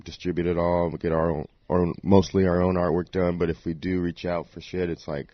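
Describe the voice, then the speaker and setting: Deep-voiced laid-back DJ guest man. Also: little pitch movement, brisk, no room sound, lo-fi sound. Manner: laid-back slangy storytelling. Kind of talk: casual interview talk.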